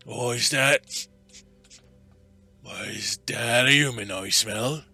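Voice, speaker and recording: A man voicing a huge, grumpy male rock troll in a tabletop game, with a gruff, suspicious way of talking that turns to soft cooing. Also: mid-range voice, takes it slowly, faint music behind, heavily acted.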